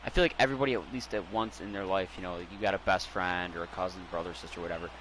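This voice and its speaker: A man's voice: low-pitched, steady tone, very fast, fairly bright tone, a little hiss or hum, rough recording. A man from Massachusetts with a western Massachusetts accent, chatting in a rambling, jokey way while playing a video game.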